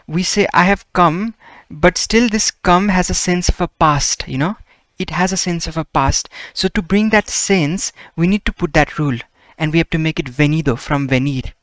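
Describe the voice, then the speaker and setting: Man, language teacher, slightly high voice, patient explaining, dry close sound. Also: fairly bright tone, no room sound. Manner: patient, repeats "okay?" and "right?" checks. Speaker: Spanish teacher. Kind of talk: explaining grammar lesson.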